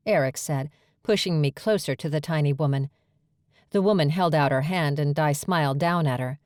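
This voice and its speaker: A woman narrating a first-person romance audiobook with clear, steady storytelling. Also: low voice, dry recording, studio quality.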